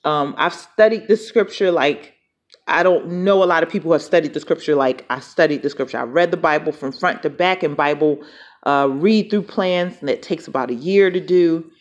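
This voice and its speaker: Woman podcast preacher, low voice, chatty Bible teaching. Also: normal speed. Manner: conversational, repeats "right?" and restarts phrases.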